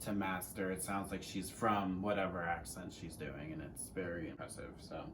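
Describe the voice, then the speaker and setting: A man's voice: sits low, flat delivery, moderate pace, far from the mic, heavy background noise. A teenage man co-hosting a casual Q&A chat, rambling and joking with some swearing. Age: teens. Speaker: co-host.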